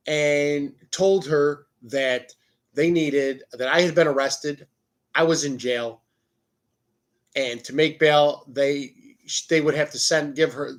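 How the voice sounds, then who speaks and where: A man hosting his own show in a rambling, profane casual monologue, often cutting himself off mid-sentence. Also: on the high side. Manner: rambling, profane, self-interrupting. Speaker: podcast host.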